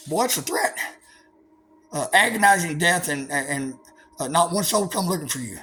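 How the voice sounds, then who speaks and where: A man with a drawl, talking high in his range, rants combatively to his viewers. His talk is profane and full of stammered fillers, with a faint hiss of noise behind him. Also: lively intonation, normal speed, pauses often, bright, forceful tone. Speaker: vlogger. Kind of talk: angry profane monologue to camera.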